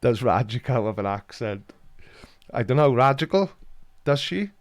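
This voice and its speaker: A man's voice: mid-range voice, expressive, moderate pace, no echo. A Welsh man hosting a live stream, reading out chat comments with dry, teasing humor. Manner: jokey, dry teasing banter.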